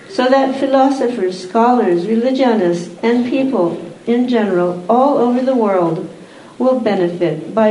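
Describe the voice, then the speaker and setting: A woman at a devotional gathering, reading aloud in a measured, formal way and then addressing the assembly. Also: a little high, mellow, slight background noise. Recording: echoey room.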